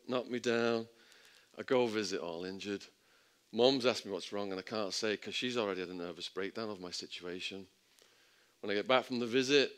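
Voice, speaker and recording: Telling a story at a public talk, a man from England with a low, fairly bright voice brings it to life by performing the quoted characters, jumping sharply in pitch and loudness.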